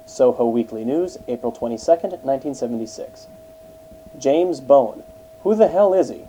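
A man's voice: mid-range voice, lively intonation, moderate pace, dark tone, a little hiss or hum, rough recording. A man steadily reading an encyclopedia article aloud, spelling out dates in full. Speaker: narrator.

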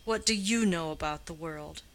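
Woman reading as a sneering upper-class husband, slow imperious drawl, low cold tone, bright clear timbre, audiobook. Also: lively intonation, exaggerated voice, low-quality recording.

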